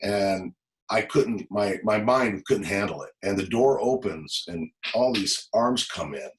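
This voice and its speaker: Low-voiced man telling a hard story. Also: lively intonation, slight background noise, poor audio. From Los Angeles. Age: 40s. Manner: halting, emotional, repeats words when moved. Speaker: podcast guest, former police officer. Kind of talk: personal storytelling.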